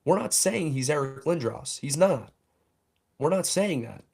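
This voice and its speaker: A man's voice: on the high side, animated, a little slow, vocal fry, darkish tone. A young man hosting a fan show, ranting angrily and heatedly about a sports analyst. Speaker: fan podcast host. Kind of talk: livestream rant.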